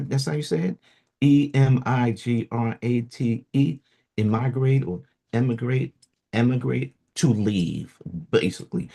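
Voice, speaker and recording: Husky man reading aloud casually. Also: on the low side, a little mellow. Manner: loose, chatty asides with many fillers. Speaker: radio host reading and commenting.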